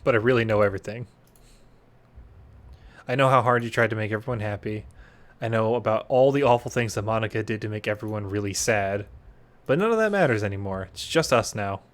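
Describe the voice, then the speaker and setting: A man reading aloud the lines of a cheerful teenage girl who runs a school club, in a soft, sweet delivery. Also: lowish voice, fairly quick, close to an everyday voice. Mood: eerily sweet. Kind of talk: reading a visual novel aloud.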